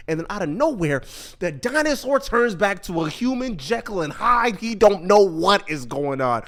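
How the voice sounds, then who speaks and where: Man, casual show commentary, high voice, slangy, repeats himself. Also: big pitch swings, moderate pace, a bit bright.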